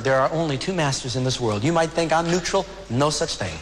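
A man preaching a sermon as a pastor, earnest and emotional, slowing down for dramatic pauses. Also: a little high, long reverb tail, slight background noise.

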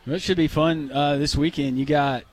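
A man's voice: a little high, fairly even intonation, normal speed. A man co-hosting a sports radio show, bantering and joking in a casual way. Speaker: radio co-host.

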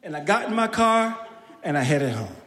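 A man from the Bronx, telling a personal story on stage, animated and laughing, acting out his own shouted lines. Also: fairly high pitch, normal speed. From the Bronx, New York. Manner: animated, acts out shouted quotes, laughs often. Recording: reverberant hall, faint room noise.

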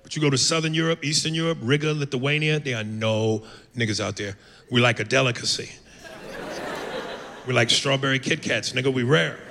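A man's voice: medium pitch, a little fast, vocal fry, pushed and bright. An American man doing stand-up on a club stage, telling brash, profane stories with lots of animation. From United States. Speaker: stand-up comedian. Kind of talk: stand-up routine. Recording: live club mic with long reverb and noise. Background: audience laughter.

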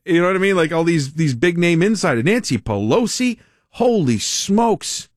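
A man's voice: on the high side, expressive, normal speed, no room sound, clean studio sound. A man hosting a talk radio show, riffing in a rambling, sardonic way and laughing at his own jokes. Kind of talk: casual radio monologue.

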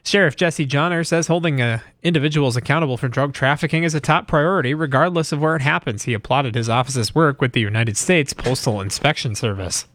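A man with a mid-pitched voice reads the radio news. His delivery is steady and measured. The sound is dry and close. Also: no echo. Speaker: radio newsreader. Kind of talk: news bulletin.

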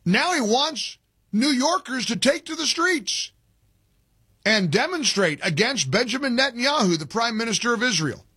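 Husky, animated man hosting talk radio. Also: very high-pitched, moderate pace, no room sound, clean studio sound. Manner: emphatic, indignant, with frequent restarts. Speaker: radio talk show host. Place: radio studio.

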